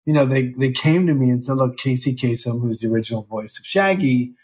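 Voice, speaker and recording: A man's voice: mid-range voice, expressive, quick pace, darkish tone. A man in his fifties, an actor guest in a casual interview, talking candidly in a rambling, self-deprecating way. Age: 50s.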